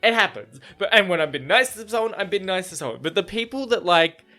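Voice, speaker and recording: A man's voice: sits high, lively intonation, quick pace, bright, forceful tone, faint music behind. A young man reacting to a novel in a casual reading vlog, swearing freely and rambling in exasperation. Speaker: book reaction vlogger.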